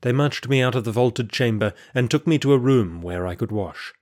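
A man giving steady, measured first-person narration of a story. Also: mid-range voice.

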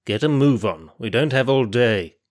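A man's voice: mid-range voice, lively intonation, normal speed, darkish tone, close to an everyday voice. A man voicing a barking, impatient prison guard. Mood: harsh. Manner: snapping, barking orders.

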